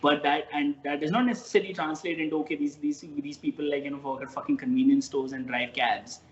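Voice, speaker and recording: A man from India, a podcast guest, talking in a rambling, halting way with many restarts in casual chat. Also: a little high, steady tone, slight background noise. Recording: dull, roomy podcast recording.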